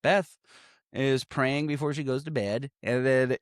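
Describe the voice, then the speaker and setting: A man's voice: mid-range voice, steady tone, a little slow, clean tone, dry recording, studio quality. A man co-hosting a casual movie podcast, retelling scenes and quoting lines between bursts of laughter. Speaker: podcast co-host. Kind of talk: casual movie recap chat.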